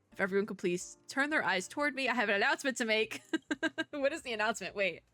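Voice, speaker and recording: A young adult woman doing let's play commentary, laughing often and reading the game text aloud between quick asides. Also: fairly high pitch, expressive, pushed and bright, dry recording. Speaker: gaming content creator.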